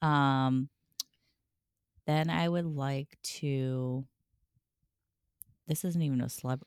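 A woman's voice: rumbling low, fairly even intonation, slow pace, a little mellow, smooth, no echo, clean studio sound. A woman in her thirties co-hosting a podcast in casual chat, blunt and candid, swearing freely. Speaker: podcast co-host.

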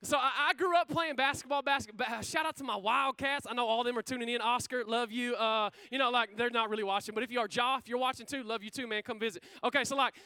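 A man's voice: extremely high pitch, steady tone, quick pace, few pauses, pushed and bright, clear, resonant tone, dry recording. A young man preaching a fervent sermon as pastor, calling out to his congregation. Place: church sanctuary.

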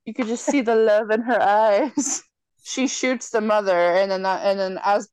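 Woman cussing her way thru a movie recap, animated and chatty, dry close sound. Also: medium pitch, normal speed, smooth, no echo. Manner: profane, animated storytelling with quoted voices. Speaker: podcast co-host recapping a film. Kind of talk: casual chat.

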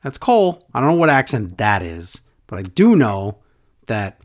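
A man's voice: on the low side, big pitch swings, moderate pace. A man hosting a casual podcast, chatting animatedly and reading listener emails aloud with jokes. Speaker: podcast host. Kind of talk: casual wrestling podcast chat.

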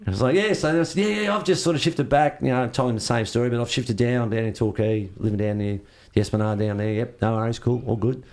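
Older aussie guy yarning about old surf trips, relaxed, rambly, bit of swearing. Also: medium pitch, fast talker. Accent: Australian. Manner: rambling, laid-back, swears freely, acts out quoted dialogue. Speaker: interviewee, surfer. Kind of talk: casual storytelling.

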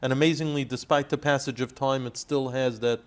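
A man's voice: medium pitch, fairly even intonation, fairly quick. A man hosting an interview who mostly gives short affirming interjections and thanks his guest formally. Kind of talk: conversational interview.

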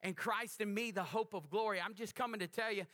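A man preaching a sermon as pastor, animated, with call-and-response questions to the congregation. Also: high voice, fairly quick.

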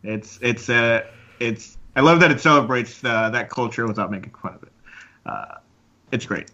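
A man's voice: mid-range voice, normal speed, sharp tone, dull audio. A man co-hosting a casual video game podcast, rambling with lots of fillers and laughs. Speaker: podcast co-host. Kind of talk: casual chat.

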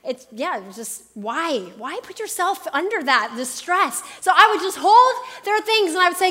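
A woman in her thirties preaching a sermon, telling a personal story with lively, animated quoted voices. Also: extremely high pitch, normal speed. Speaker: pastor.

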